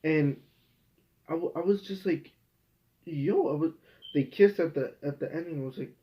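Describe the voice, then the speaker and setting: A young man vents in an exasperated, profane rant while reviewing a show. His voice sits a little high for a man. The recording is dull and lo-fi, like a cheap home mic. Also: fairly even intonation, moderate pace, pauses often. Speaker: host.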